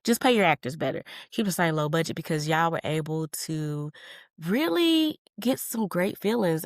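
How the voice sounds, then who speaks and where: A woman's voice: low-pitched, big pitch swings, moderate pace, no room sound, studio quality. A woman in her thirties hosting a solo podcast, candid and profane, drifting between tangents and calling listeners honey. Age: 30s. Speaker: podcast host.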